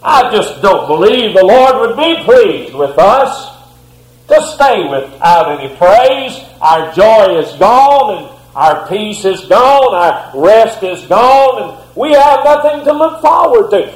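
A troubled husband and father coaxing his wife to leave with him, earnest and repetitive, as a preacher acts him out. His man's voice sits on the higher side. The sound rings around an echoey room. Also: big pitch swings, takes it slowly, full character voice. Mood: pleading. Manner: pleading, earnest, repeated coaxing. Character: worried husband and father pleading to move.

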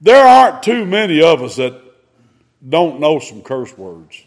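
A man preaching a sermon in a folksy, conversational way, swinging between loud emphasis and hushed asides. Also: a little high, very animated, measured pace.

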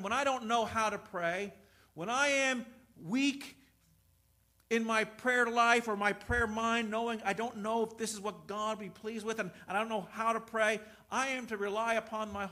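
A man preaching a sermon, telling a personal story with humorous asides and repeating words, moving between loud preaching and soft confiding. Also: high voice.

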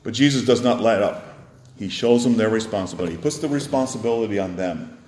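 A man preaching an expository sermon, animated and acting out the disciples' and Jesus' words in a raised voice. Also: on the low side, fast talker. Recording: echoey hall with faint noise.

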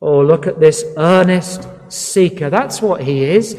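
A man's voice: fairly high pitch, a little slow, darkish tone, faint music behind. A man preaching a sermon in an earnest, pleading way, repeating words for emphasis. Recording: long hall reverb.

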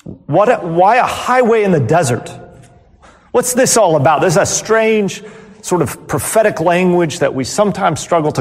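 A man preaching a sermon as pastor, pausing often and letting phrase ends fall away softly. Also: high-pitched, big-room sound. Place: church.

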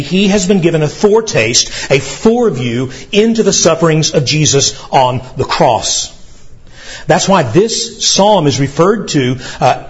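A man's voice: on the high side, lo-fi sound. A man preaching a sermon as pastor, earnestly explaining and reading scripture aloud to his congregation.

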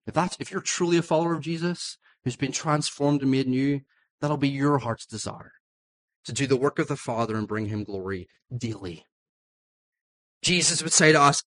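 A man preaching a church sermon, earnest and pleading, slowing down on key phrases and building to loud climaxes. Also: mid-range voice. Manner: impassioned, pleading, voice rising to climaxes. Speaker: pastor.

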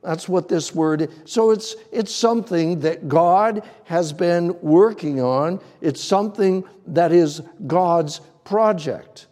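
A man's voice: high voice, slow pace, few pauses, darkish tone, big-room sound. A man preaching an expository sermon, working methodically through numbered points.

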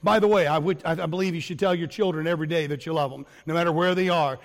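Middle-aged male pastor, high voice, earnest and repetitive sermon delivery in a church with long echo. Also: fairly even intonation, fast. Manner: earnest preaching with repetitions and fillers. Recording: long hall reverb.

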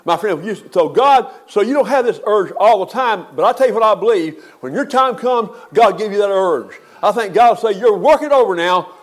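Older man, high-voiced pastor; folksy funeral sermon with emphatic swells. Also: expressive, moderate pace, few pauses.

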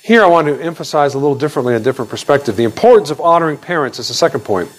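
Speaking very fast and with animation, a middle-aged pastor delivers a rambling, conversational sermon packed with restarts and asides. His pitch leaps higher for emphasis, and the recording is rough.

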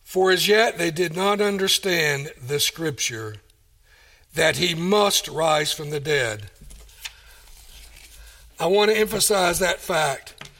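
Slow, high-voiced man preaching a sermon. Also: lively intonation, pushed and bright. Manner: emphatic, rhetorical questions, measured delivery. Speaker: pastor.

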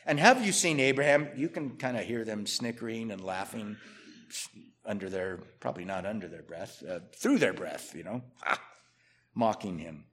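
A man preaching a sermon, reading scripture out loud and then unpacking it in plain, conversational speech. His volume swings from strong emphatic lines down to quiet, almost muttered asides. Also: fairly low pitch, unhurried. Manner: reads scripture aloud, then explains it conversationally. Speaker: pastor.

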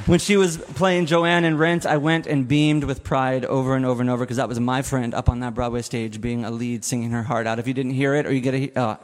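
A man in his forties giving a funeral eulogy, telling stories with laughs and asides. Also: mid-range voice. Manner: warm storytelling with laughs and asides. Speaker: eulogy speaker. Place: chapel. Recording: long hall reverb in a chapel.

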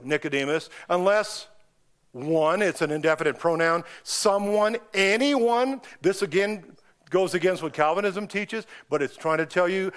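A man with a notably high voice leads a Bible study, walking his class through scripture one verse at a time. He talks in a relaxed, conversational way and keeps throwing questions back at the group. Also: normal speed, clear, resonant tone. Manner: conversational, asks many rhetorical questions; reads and explains scripture verse by verse.

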